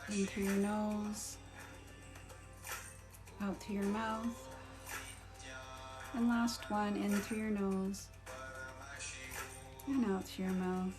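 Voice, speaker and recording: A woman hosting a live guided meditation, speaking slowly and softly with blessings and breathing cues. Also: mid-range voice, little pitch movement, music in the background. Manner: slow, soft and soothing; gushing and giggly in farewells. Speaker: spiritual meditation host. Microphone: livestream phone or computer mic.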